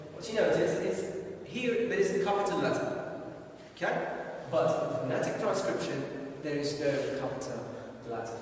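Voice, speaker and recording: A male English teacher giving a classroom lesson on pronunciation, speaking slowly and deliberately and often checking in with "okay?". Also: on the high side, slight background noise. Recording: echoey room recorded from far off.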